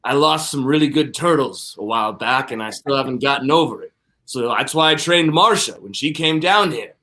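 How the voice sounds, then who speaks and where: A man's voice: mid-range voice, animated, a little fast, pushed and bright, pitched below the performer's own voice. A man voicing an old male rat sensei in an improvised comedy story, boastful and rambling, later self-pitying. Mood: mopey.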